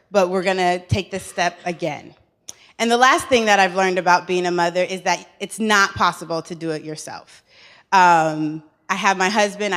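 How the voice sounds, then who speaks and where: A woman in her thirties gives a personal speech at a summit. Her delivery is earnest and candid, with light humor and the occasional restart, as she talks through lessons from her own life. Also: medium pitch. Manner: earnest, warm storytelling with humor and repeated words. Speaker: conference speaker.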